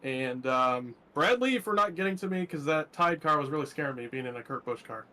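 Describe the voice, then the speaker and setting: A man's voice: on the high side, animated, a little fast, sharp tone. A young man talking after winning a sim race, enthusiastic and polite, answering with yes sir. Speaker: race winner, interviewee. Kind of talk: casual post-race interview.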